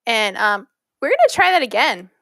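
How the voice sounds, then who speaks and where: A woman playing a tabletop game, making quiet, self-mocking remarks about her turns. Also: on the high side, big pitch swings, a little fast, no echo, clean studio sound. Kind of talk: casual in-game chat.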